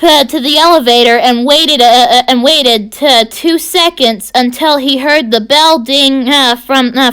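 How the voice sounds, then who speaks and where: A woman reading a fan story aloud as a storyteller, halting with many fillers and restarts. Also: high-pitched, fairly bright tone, clear, resonant tone.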